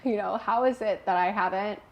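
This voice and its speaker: A young woman guest telling a personal story in a candid interview, animated and emotional, laughing at times. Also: medium pitch, fairly quick, dull audio.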